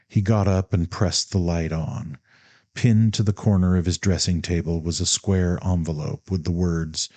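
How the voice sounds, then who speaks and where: Low-voiced man narrating a classic novel. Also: warm tone, dry recording. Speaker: audiobook narrator.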